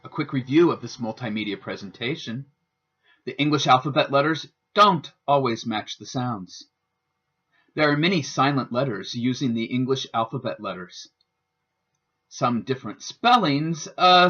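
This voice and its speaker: A man giving a scripted instructional narration as a student presenter, with a careful, deliberate teaching delivery. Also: fairly high pitch, pushed and bright, slightly rough. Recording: dull lo-fi voice-over.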